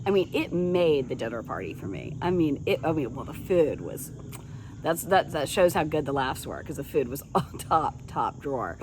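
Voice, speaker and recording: A woman's voice: low voice, sing-song, moderate pace, background noise. A middle-aged woman hosting a podcast, telling funny stories in a chatty, folksy way and laughing often. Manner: chatty, folksy address to listeners. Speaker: podcast host. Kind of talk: casual storytelling monologue.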